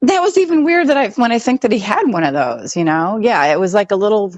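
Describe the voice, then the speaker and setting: A woman's voice: mid-range voice, expressive, fast, darkish tone, no room sound, highs cut off. A woman telling a personal story as an interview guest, chatty and casual. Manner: chatty, with many likes and restarts.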